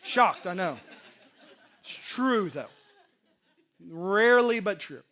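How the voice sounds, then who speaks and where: A male pastor preaching a sermon to a congregation, animated, acting out panicked inner voices and swinging between loud emphasis and soft lows. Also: takes it slowly, some chatter behind. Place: church sanctuary.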